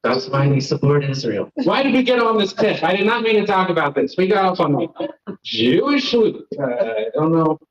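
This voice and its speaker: Young comedy guy from florida riffing on stage, slightly high voice, muffled stream audio. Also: big pitch swings, normal speed. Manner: rambling, self-deprecating, riffs with the crowd. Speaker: stand-up comedian and host. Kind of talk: live stand-up set.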